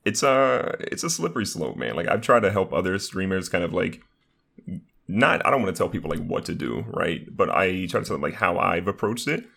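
Very animated and a little fast, this young man has a low, creaky, slightly bright voice. He's a streamer and content creator on a podcast as a guest, chatting casually and upbeat, rambling with lots of "like" fillers.

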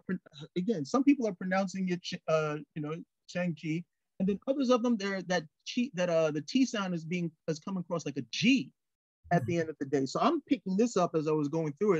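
Animated man co-hosting a film review. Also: high voice, no echo, lo-fi sound. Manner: animated, rambling with restarts. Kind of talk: casual review chat. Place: TV studio.

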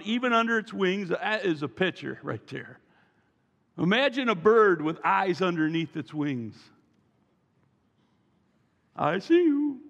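A man's voice: high-pitched, gravelly, a bit bright. A male pastor preaching a sermon with emphasis and calling the congregation to repeat after him. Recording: long reverb from a large hall.

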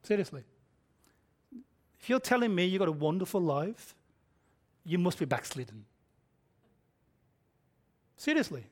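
A male pastor, preaching a sermon and swinging between loud declarations and hushed asides. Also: sits high, sing-song, unhurried, long pauses. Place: church.

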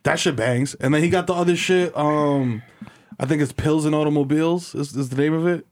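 A man who is a father, co-hosting a casual comedy podcast, slangy and quick to laugh. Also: fairly high pitch. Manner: laughs often, slangy, acts out bits. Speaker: podcast co-host.

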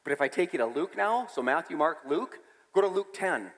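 A man preaching a sermon in a church, animated and storytelling, with laughs and sudden shouts. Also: on the high side, a little fast, in a large hall. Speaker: pastor.

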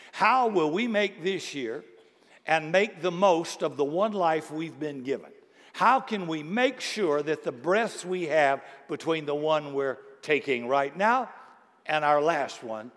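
A middle-aged man, a pastor, giving a humorous sermon with animated, jokey storytelling asides, recorded live in a church hall. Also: on the high side.

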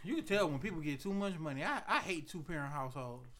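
A woman bantering in a casual group chat, teasing others with quick jokes. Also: sits low, lively intonation, crowd noise. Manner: teasing, quick joking interjections. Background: group laughter and crosstalk.

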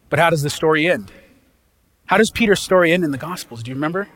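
Man preaching a sermon, higher-pitched, impassioned, folksy, loud then hushed. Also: lively intonation, fast talker, husky. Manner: folksy, casual phrasing. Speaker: pastor.

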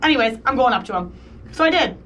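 A woman's voice: fairly high pitch, fast talker, distant mic, slight background noise. A woman in her thirties co-hosting a casual chat, telling a story with lots of "like" and acting out the voices of the people in it. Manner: animated, acts out quoted voices, lots of "like". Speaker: podcast co-host.

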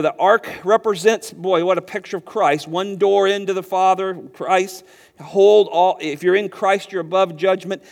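A man preaching an expository sermon, emphatic and slowing down to stress key words. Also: high-pitched. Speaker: pastor. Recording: long hall reverb.

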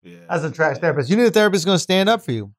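A male podcast co-host who argues his point fast and in slang. He is recorded dry and close, with no room sound. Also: sits high, lively intonation, no echo. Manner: argumentative, slangy, quick to debate. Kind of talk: casual podcast banter.

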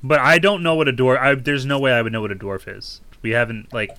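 Man, tabletop player, bright tone, mid pitch, hesitant. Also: fairly quick. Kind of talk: tabletop role-play.

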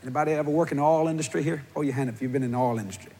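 A man with a Cajun accent preaching a comedic sermon, telling stories loudly and often breaking into shouts. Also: a little high, rapid-fire. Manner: animated, loud storytelling with bursts of shouting. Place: church hall before a live audience.

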